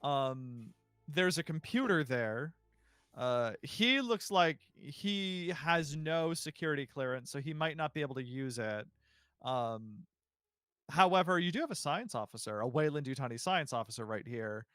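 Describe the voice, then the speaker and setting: A man serving as game master, narrating the scene in a loose, casual way full of fillers. His voice is bright and sits a little high. The sound is dry and close. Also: animated, a little slow, smooth, no room sound.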